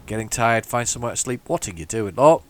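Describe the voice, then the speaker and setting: A man's voice: mid-range voice, animated, fast. Man rambling over a truck game. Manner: chatty, mock-heroic rambling. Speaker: gaming channel host. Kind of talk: casual gameplay commentary.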